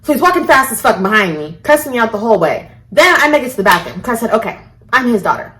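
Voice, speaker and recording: Woman, vlog storyteller; tense, bright tone, lively swinging pitch, cusses and acts out the quotes. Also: fast, slight background noise. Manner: animated, profane, acts out every quote. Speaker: vlogger.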